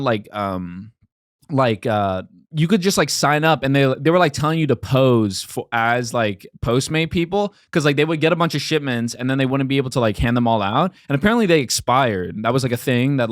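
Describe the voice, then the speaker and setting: A man's voice: mid-range voice, no room sound, studio quality. Young man rambling through a story. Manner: rambling, filler-heavy storytelling. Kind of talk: casual chat.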